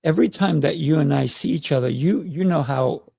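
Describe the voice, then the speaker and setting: A man with a fairly high, gravelly voice hosts a friendly interview, enthusiastic and quick to affirm. The sound is close and dry, with little room around it. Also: dark tone, dry recording. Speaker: show host, interviewer. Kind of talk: conversational interview.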